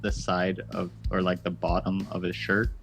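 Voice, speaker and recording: A man with a very deep, flat voice plays a tabletop game. He lays out his moves in a plain, matter-of-fact way, with faint music behind him. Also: normal speed, creaky. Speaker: player. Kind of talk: casual tabletop play.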